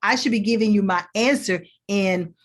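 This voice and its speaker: A woman's voice: mid-range voice, moderate pace. A woman career coach speaking as a guest on a talk show. She explains things step by step and acts out example questions to show her point. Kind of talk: conversational teaching.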